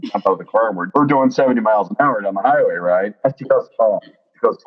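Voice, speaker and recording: A man in his fifties telling his own story in an interview, earnest and lively, often quoting what others said. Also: mid-range voice, fairly quick, dull audio. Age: 50s. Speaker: interview guest. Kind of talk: candid personal storytelling.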